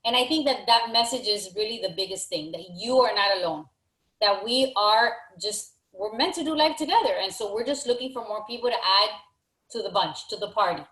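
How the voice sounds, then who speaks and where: A woman's voice: medium pitch, brisk, a bit bright, roomy sound, rough recording. A woman leading a motivational team call, emphatic and encouraging, often repeating her phrases. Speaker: team leader.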